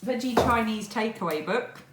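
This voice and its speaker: A woman's voice: on the high side, lively intonation, moderate pace, roomy sound, heavy background noise. A woman from England, chatting casually in a home vlog and laughing often. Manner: chatty, laughs often, reads a long list. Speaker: vlogger. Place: home room at a table.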